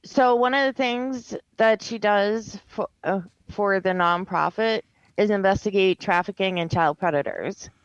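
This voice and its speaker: A woman's voice: medium pitch, fairly even intonation, a little slow, clean tone, no room sound, highs cut off. A woman co-hosting a casual podcast, giggling as she reads news stories aloud. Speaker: podcast co-host.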